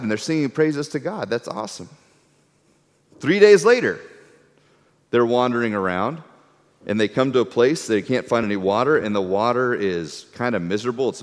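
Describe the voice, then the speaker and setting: A middle-aged man preaching in a relaxed, conversational way, stumbling over and repeating words as he tells the story. His voice sits at an ordinary pitch. The long echo of a large hall follows every phrase. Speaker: Bible teacher. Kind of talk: conversational sermon with a map.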